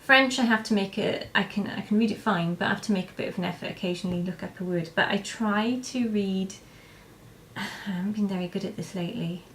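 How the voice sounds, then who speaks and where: A woman's voice: medium pitch, fairly quick, fairly bright tone. Young woman vlogging, lots of ums and restarts, slight hiss behind. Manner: rambling, hesitant, many ums and restarts. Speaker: vlogger answering viewer questions. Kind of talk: casual chat to camera.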